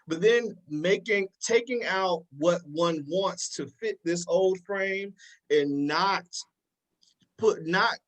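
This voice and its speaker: Male panelist, fairly high voice, fervent preacher-style delivery in live discussion. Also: slow pace, poor audio. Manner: impassioned, preacherly cadence; repeats "in that respect". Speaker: panel guest speaker.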